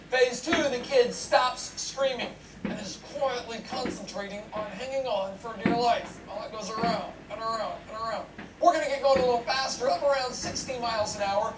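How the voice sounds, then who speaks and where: A man giving a humorous lecture to an audience, animated and joking, often asking the crowd questions. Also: extremely high pitch. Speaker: seminar speaker. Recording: echoey hall, distant mic, noisy.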